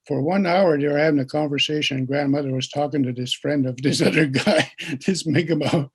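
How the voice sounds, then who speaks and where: A man speaking as a guest speaker, telling stories in a gentle teaching way and having listeners repeat words after him. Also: on the high side, steady tone, a little fast, slightly rough. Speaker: guest speaker and pipe keeper. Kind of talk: storytelling teaching talk.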